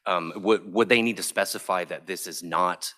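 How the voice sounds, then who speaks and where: Deep bright-toned man asking hesitantly. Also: normal speed. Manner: hesitant, restarting phrases. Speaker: committee member. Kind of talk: questioning at a hearing. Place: large legislative hearing room. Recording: reverberant hearing room audio.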